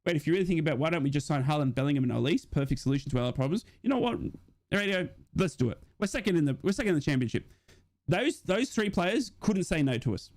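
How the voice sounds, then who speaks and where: Young male fan-commentator, slightly high voice; excitable, rambling, mixes play-by-play with chat replies. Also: fast. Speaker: football watch-along host.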